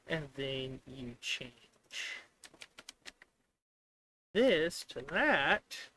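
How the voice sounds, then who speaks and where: A man on a live stream, talking slowly through his code in a bright, somewhat high voice. He rambles and grumbles in exasperation, mocking the program by voicing its replies. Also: lively intonation, slight background noise. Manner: exasperated, rambling, mocks the software in quoted voices. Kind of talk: casual live-stream commentary while coding.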